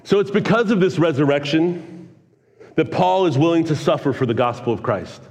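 A fired-up man in his forties preaches to his congregation, his fairly high voice swelling with earnest excitement as he tells a story. The sound carries a long hall reverb, as in a church sanctuary. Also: normal speed. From California. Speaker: pastor. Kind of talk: sermon.

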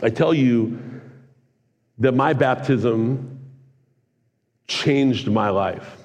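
A man in his forties preaching a sermon, telling a personal story with energetic, earnest, excitable delivery. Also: mid-range voice, extremely slow, muffled recording. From California. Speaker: pastor. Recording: long hall reverb.

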